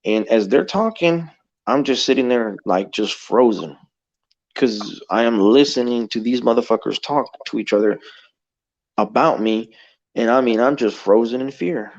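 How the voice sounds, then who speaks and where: Gravelly, profane man telling a story. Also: mid-range voice, a little slow, a little mellow, muffled recording. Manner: rambling and profane, heavy on "you know" fillers. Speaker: guest telling an encounter story. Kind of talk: casual spoken storytelling.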